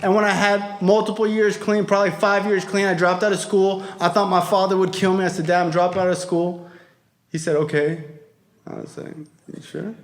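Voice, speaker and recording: A man in his thirties telling his recovery story to a convention audience, in a raw, profane, emphatic way that rises to shouts. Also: high-pitched, level tone, a little fast. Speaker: recovery speaker. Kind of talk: storytelling talk to a crowd. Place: convention hall before an audience.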